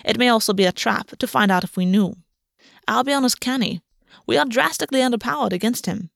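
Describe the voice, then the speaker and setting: A woman voicing a cold, sharp-tongued fae queen in an audiobook reading. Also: on the high side, a little fast, vocal fry, no room sound, clean studio sound, voice pushed up. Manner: cold, cutting.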